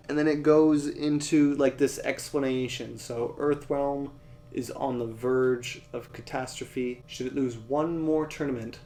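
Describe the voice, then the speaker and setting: A man's voice: medium pitch, dark tone. Casual male movie reviewer, chatty. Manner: conversational, says "like" a lot, swears when annoyed. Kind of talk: casual recap and commentary.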